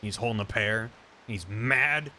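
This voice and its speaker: A man's voice: on the low side, a little slow, sharp tone, a little hiss or hum. A man streaming a video game, rambling and joking about what happens on screen. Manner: rambling and jokey, riffing on the game. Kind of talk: casual gameplay commentary.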